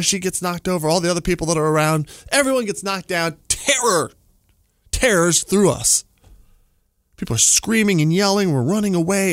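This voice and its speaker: A man's voice: sits high, a bit bright, dry recording. A man in his forties telling a long story in a rambling, casual way, full of "like" and little chuckles, from a studio. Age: 40s.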